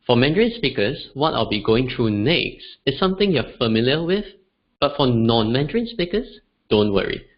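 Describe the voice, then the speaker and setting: A man's voice: medium pitch, normal speed. Guy teaching a webinar, voice jumps all around, kinda muffled lo-fi sound. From Singapore. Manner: lively, demonstrates tones aloud. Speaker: language teacher. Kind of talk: online webinar lesson. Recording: dull lo-fi webinar audio.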